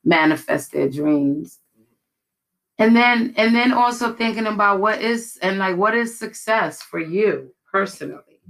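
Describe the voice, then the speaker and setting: A woman's voice: medium pitch, animated, measured pace, creaky, a bit bright, poor audio. A middle-aged woman hosting a podcast over a video call, talking frankly, laughing often and swearing casually. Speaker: podcast host. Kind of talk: casual chat.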